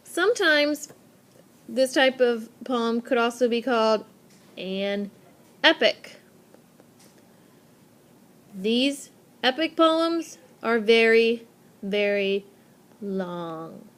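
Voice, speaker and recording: A young adult woman, her voice a little high for a woman, narrates a classroom lesson into a tablet microphone. She is upbeat, clear and teacherly, hammering home key points through repetition, and she talks extremely slowly with long pauses.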